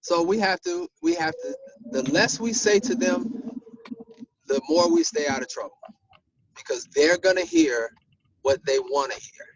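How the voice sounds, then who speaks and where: A sports official telling a story in a casual group discussion, animated and given to repeating himself. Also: male voice, high-pitched, unhurried, long pauses, dull audio, a little hiss or hum.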